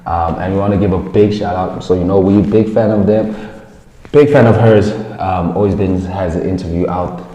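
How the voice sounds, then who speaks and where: A South African man hosting a show, talking bluntly and with animation, swearing and making quick asides. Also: low voice, mellow. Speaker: podcast host. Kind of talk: casual opinion chat. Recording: echoey room with long reverb.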